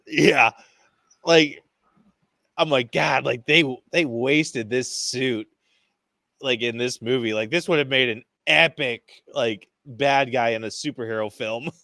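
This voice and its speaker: An excitable man in casual podcast talk about a film, with a mid-pitched voice recorded dry and close. He swears freely, laughs between thoughts and acts out scenes with little quoted voices. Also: slow pace, no echo. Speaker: podcast co-host. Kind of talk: casual movie review chat.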